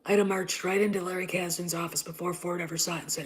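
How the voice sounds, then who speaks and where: A woman's voice: fairly low pitch, steady tone, fast talker. Profane ranting woman host. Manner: profane, emphatic, repeats itself; drops to an unvoiced whisper and back. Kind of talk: ranting casual commentary.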